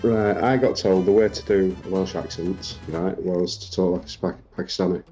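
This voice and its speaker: A man's voice: sits low, steady tone, moderate pace, dark tone, faint music behind. A man chatting casually during a game over voice chat, bantering, repeating himself and swearing. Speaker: gamer on voice chat. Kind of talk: casual chat while gaming.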